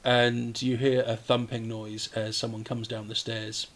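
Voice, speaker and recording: A man running a tabletop game, narrating in a middle-pitched voice at an unhurried pace. He hesitates often and fills gaps with ums and uhs as he describes the scene. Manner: relaxed, halting narration with fillers. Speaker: game master. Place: home streaming setup.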